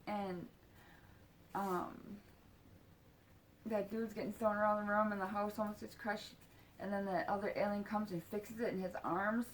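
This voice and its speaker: A woman's voice: medium pitch, fairly even intonation, moderate pace, pauses often, a little hiss or hum. A woman in her forties telling a personal story in a casual, rambling way, with lots of fillers and swearing. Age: 40s.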